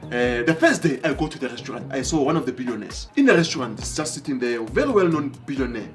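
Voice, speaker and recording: A man telling motivational stories in an animated way, breaking into excited exclamations. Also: medium pitch, fast talker, soft background music. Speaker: motivational speaker. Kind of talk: motivational storytelling.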